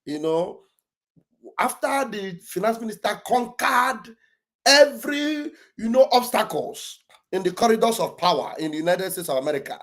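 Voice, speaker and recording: A man gives animated, mocking commentary over video clips, repeating phrases and breaking into shouts. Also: sits high, normal speed. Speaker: online commentator.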